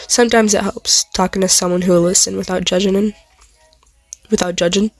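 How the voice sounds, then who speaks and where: Hagrid, read by a woman, big gentle groundskeeper. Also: mid-range voice, steady tone, fairly quick, dry recording, lightly acted. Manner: gentle, encouraging, a loose rustic accent attempt. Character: huge kindly male groundskeeper, gentle and warm.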